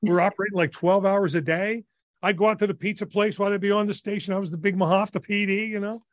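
A man in his sixties from New Jersey, a radio DJ telling stories in an enthusiastic, animated way as a podcast guest. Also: high-pitched, quick pace, no room sound. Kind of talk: casual interview storytelling.

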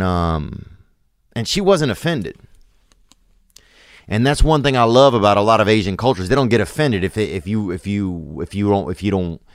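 Rambling low-voiced man. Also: smooth, dry recording, clean studio sound. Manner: meandering, halting, full of fillers and restarts. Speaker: podcast host. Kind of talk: rambling comic monologue.

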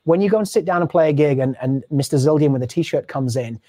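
A man with a somewhat high voice tells a story about his work as a touring drummer. He speaks in a loose, conversational way and mimics the people he quotes as he goes. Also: fast talker. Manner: animated, acts out the people he quotes. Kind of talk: casual storytelling in an interview.

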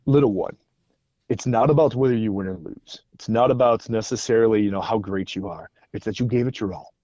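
Man doing a kindly male thunder god, low, hushed, earnest, dry dull recording. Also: a little fast, dry recording, natural voice. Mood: gentle, encouraging. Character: Thor, gentle mighty male god of thunder.

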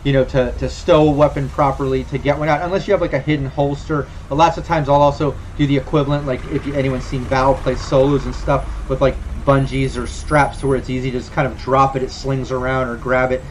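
A man's voice: medium pitch, flat delivery, fairly quick, hardly any pauses, slight background noise. A man acting as game master, narrating and ruling on a tabletop game in a loose, rambling way. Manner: loose, rambling, lots of fillers.

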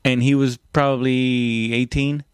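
A man's voice: mid-range voice, flat delivery, measured pace, clear, resonant tone, no room sound, clean studio sound. A young man casually telling a story about fighting, rambling and profane, with lots of restarts and fillers.

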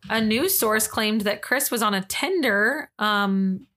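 Woman, podcast co-host, casual true-crime chat, blunt and opinionated, middle pitch. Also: takes it slowly, a bit bright. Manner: reads case details then gives blunt, disgusted opinions.

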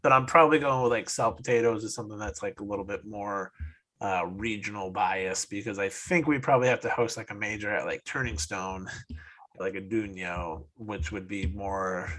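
A man's voice: fairly low pitch, normal speed, bright, forceful tone, poor audio. A man from upstate New York co-hosting a podcast, rambling casually with many restarts and fillers. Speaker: podcast co-host. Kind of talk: casual chat.

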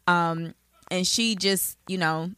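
A woman's voice: fairly low pitch, fairly even intonation, slow pace, sharp tone, a little hiss or hum. A woman co-hosting a podcast, talking loosely and candidly with lots of fillers and some swearing. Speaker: podcast co-host. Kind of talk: casual chat.

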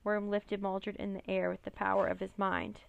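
A woman reads a children's chapter book aloud in a steady, plain manner. Her voice has a gravelly, creaky texture, and the recording is dry and close, with no room sound. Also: mid-range voice, moderate pace, dry recording, highs cut off. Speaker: narrator. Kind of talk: storybook read-aloud.

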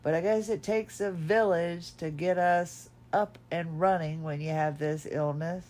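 Slow, halting tired woman. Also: fairly low pitch, steady tone, darkish tone. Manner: halting, many restarts, emotional. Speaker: podcast host. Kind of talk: reflective personal monologue. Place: at home.

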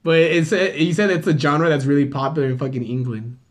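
A comedian and podcast host in his thirties tells stories in a laid-back chat, swearing heavily and saying "dude" and "bro." His voice is on the high side, fairly even in intonation, and a little fast.

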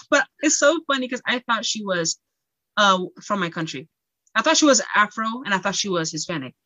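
A young woman from Equatorial Guinea, a pageant titleholder and singer, chatting in an interview with frequent laughter and animated storytelling. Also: medium pitch, moderate pace, no room sound. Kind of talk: casual interview chat.

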